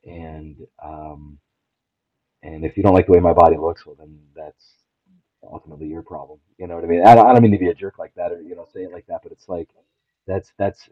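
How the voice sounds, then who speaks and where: A middle-aged man, a podcast guest, talking candidly and earnestly, halting with many restarts. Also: sits low, fairly even intonation, no echo. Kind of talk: candid personal conversation. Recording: tinny phone-like line, dry.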